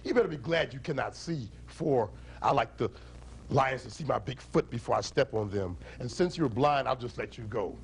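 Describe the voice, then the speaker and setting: A man voicing a big, proud male elephant who speaks bluntly and deliberately. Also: medium pitch, lively intonation, creaky, a little hiss or hum, pitched below the performer's own voice. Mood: haughty.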